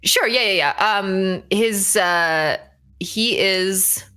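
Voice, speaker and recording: Bright-voiced woman game master. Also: medium pitch, clean tone. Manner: halting, full of fillers. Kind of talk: narrating a tabletop game.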